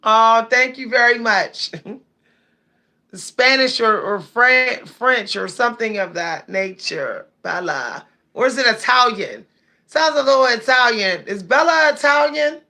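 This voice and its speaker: Bright-voiced woman chatting on a livestream. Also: fairly high pitch, lively intonation, a little slow. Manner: chatty, reads viewer comments aloud. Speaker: livestream host. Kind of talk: casual livestream chat.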